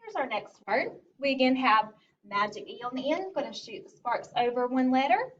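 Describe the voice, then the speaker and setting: A woman teacher walks young children through a phonics lesson in a slightly high voice that rises and falls a lot. She speaks slowly, clearly and encouragingly. She sits back from the mic, and the recording sounds dull and lo-fi. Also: lively intonation, slight background noise. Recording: distant lo-fi recording.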